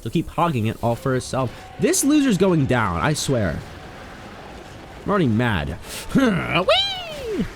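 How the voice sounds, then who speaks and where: Guy streaming a game, voice bouncing all over the place, mutters then yells and swears, bit of background hiss. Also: fairly high pitch, slow pace. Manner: animated, swings from mumbling to loud outbursts, swears. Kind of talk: casual live gaming commentary.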